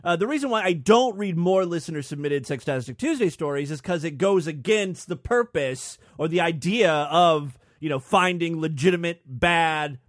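A man's voice: on the high side, lively intonation, normal speed, few pauses, no echo, clean studio sound. A man hosting a podcast and reading a story in a mock-dramatic, solemn narrating voice. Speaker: podcast host.

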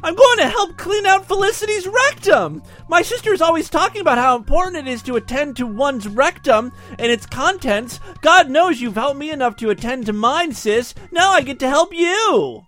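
A man voicing a giddy, eager young adult woman who squeals with breathless excitement. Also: extremely high pitch, normal speed, soft background music, voice pushed up, heavily acted. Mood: gleeful.

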